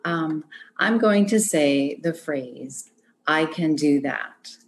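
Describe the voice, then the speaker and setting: Woman running a zoom workshop, lowish voice, upbeat and encouraging. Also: expressive, slow. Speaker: workshop facilitator. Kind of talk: leading a video call workshop. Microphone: video call.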